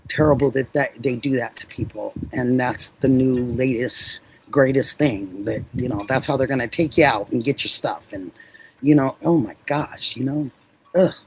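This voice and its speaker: A middle-aged woman hosting a livestream, chatting warmly with viewers, effusive and laughing often. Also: very deep voice, moderate pace, a little hiss or hum, low-quality recording. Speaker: livestream host. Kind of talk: casual chat with live viewers.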